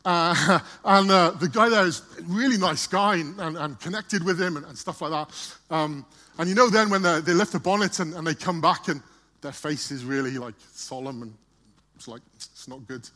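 A man tells a story from the front of a church, chatting easily and stumbling over repeated words as he goes. His voice sits a little high and rings bright and forceful. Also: normal speed. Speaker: church speaker. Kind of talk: storytelling sermon.

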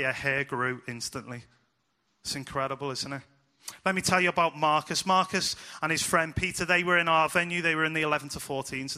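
Young male youth minister, casual story-sermon, bright and fairly high voice. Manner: chatty, animated, acts out voices in quotes.

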